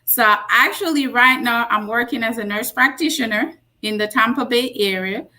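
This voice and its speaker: A woman in her forties from Jamaica, a nurse practitioner giving a casual health talk, telling stories with emphatic repeats. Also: a little high. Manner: slow, warm storytelling with emphatic repeats. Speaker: guest speaker, nurse practitioner.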